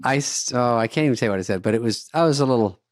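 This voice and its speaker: A man's voice: medium pitch, lively intonation, rapid-fire, dry recording, studio quality. A man co-hosting a comedy podcast, telling a rambling, self-interrupting anecdote in casual chat. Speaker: podcast co-host.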